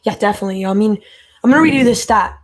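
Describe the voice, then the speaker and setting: Exasperated caller with a high voice. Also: male voice, racing. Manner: exasperated, voice jumps high when worked up. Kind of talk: ranting fan call-in.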